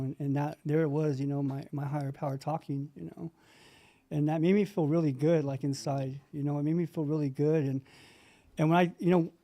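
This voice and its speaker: A middle-aged man speaks in a heartfelt, rambling way, full of fillers and restarts. His voice is mellow and sits a little high for a man. He is on a video call. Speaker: meeting participant sharing.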